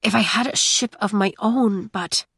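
Storybook young man, flustered and weary, soft-spoken; woman narrator voicing him. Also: medium pitch, moderate pace, gravelly, breathy edge, no room sound, clean studio sound. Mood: pleading. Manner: soft, pleading.

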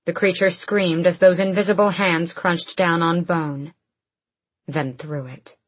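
A woman narrating a fantasy audiobook in a measured, steady storytelling manner. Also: lowish voice, husky, no room sound.

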